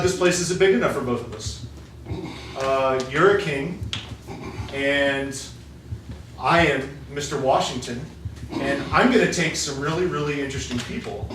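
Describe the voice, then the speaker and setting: A man voicing a mild, earnest peasant who leads a rebellion, speaking low and deliberately. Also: slight background noise, lightly acted. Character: rebellious male peasant leader, calm and earnest. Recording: echoey room from far off.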